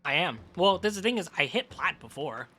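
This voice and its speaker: Bright-voiced man chatting casually. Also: high voice, big pitch swings, a little fast, faint music behind. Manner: swears casually, rambling. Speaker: streamer. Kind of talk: casual chat about games.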